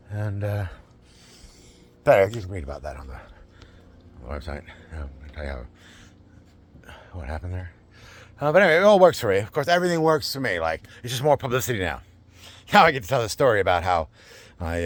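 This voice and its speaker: Deep-voiced, husky man rambling. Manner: rambling, excitable, lots of fillers and restarts. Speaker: vlogger running a campaign. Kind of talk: casual rambling monologue.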